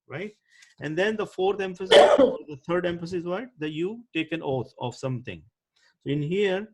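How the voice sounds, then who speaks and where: Male teacher, slightly high voice, patient, checks in with students often. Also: creaky, slight background noise. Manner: explains patiently, checks understanding with "right?". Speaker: Arabic grammar teacher. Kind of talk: online class teaching.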